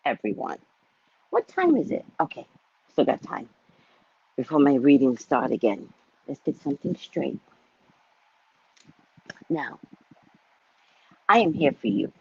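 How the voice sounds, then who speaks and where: A woman in her fifties, a psychic reader, telling stories in a dramatic, animated way and speaking to her viewers like family on a casual livestream. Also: lowish voice, vocal fry, husky, dry recording, dull audio. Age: 50s.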